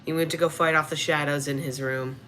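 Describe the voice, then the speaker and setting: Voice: medium pitch, fairly even intonation, a little fast, bright, forceful tone, soft background music. A streamer chatting casually on a livestream while playing with action figures, rambling and trailing off. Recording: noisy background.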